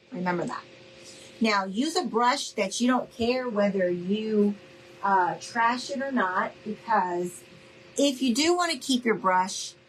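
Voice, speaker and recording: Female craft-tutorial host, unhurried and chatty, keeps checking in with viewers, faint hum behind. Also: medium pitch, low-quality recording. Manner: chatty, addresses viewers as y'all, checks in with okay?. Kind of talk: live crafting demonstration.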